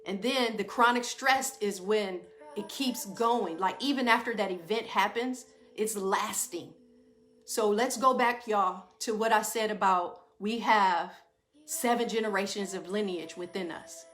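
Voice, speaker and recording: A woman's voice: mid-range voice, measured pace, fairly bright tone. A woman giving an informal talk to a group, calling them y'all and tagging her points with questions. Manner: addresses listeners as y'all, asks them questions; talks in short rising phrases with tag questions. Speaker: speaker giving a talk on trauma and stress.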